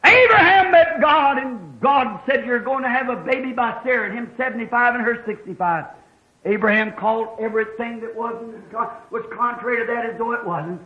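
A man preaching a fervent sermon, rising to shouts as he tells stories. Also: very high voice, brisk. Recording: dull lo-fi old tape.

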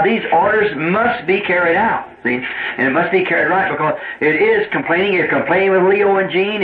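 A man speaking as a preacher to his church's trustees, earnest and rambling, repeating himself in folksy grammar. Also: high-pitched. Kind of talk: informal church address. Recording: tinny, roomy old tape recording with hiss.

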